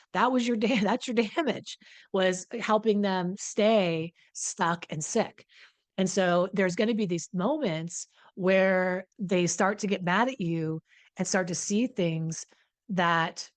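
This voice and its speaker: A woman's voice: fairly low pitch, moderate pace, dry recording. A woman hosting an advice talk on addiction recovery, speaking bluntly and emphatically with frequent swearing. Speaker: host, addiction recovery coach. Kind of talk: direct-to-camera advice talk.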